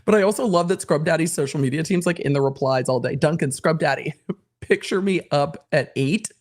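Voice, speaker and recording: A woman's voice: sits low, brisk, a little mellow. Woman, live stream host, laughing, incredulous, chatty reactions.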